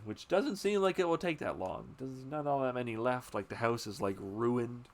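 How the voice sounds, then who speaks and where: A man hosting a podcast, chatting casually about a film in a rambling way, with plenty of fillers, swearing and quick asides. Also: mid-range voice, animated. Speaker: podcast host.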